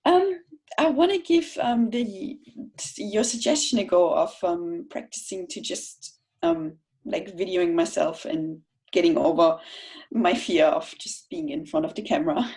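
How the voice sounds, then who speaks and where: Attendee: woman with a lowish voice, slow and hesitant, on a video call. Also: expressive, a little mellow. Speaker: meetup attendee.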